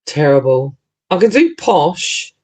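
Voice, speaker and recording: A woman's voice: sits low, big pitch swings, takes it slowly, a little mellow, slightly rough, dry recording. A woman in casual chat on a podcast, laughing and joking between speakers. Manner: laughs, puts on a posh voice.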